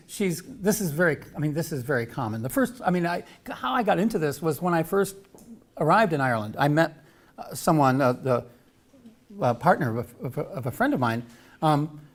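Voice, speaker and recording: A man giving an informal academic talk with slides, chatty and full of restarts and asides. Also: a little high. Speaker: lecturer.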